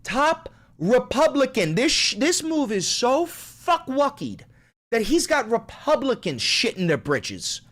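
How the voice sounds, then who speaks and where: A man's voice: very high-pitched, sing-song, unhurried, fairly bright tone. A man hosting an online political commentary show, reading news aloud and ranting about it with sarcastic, profane outbursts.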